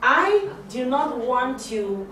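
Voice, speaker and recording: This woman's voice sits high and has a sing-song, slightly bright quality as she teaches slowly. She speaks conversationally to a class of assistants in a classroom or training room, restating her points and questioning them, and a distant mic captures lots of echo and faint noise.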